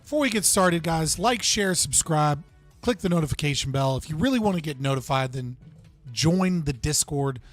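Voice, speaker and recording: A man's voice: fairly high pitch, expressive, normal speed, faint music behind. Profane, laughing live-stream host, a man. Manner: blunt, profane, laughs often, talks to chat. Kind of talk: casual live-stream reactions.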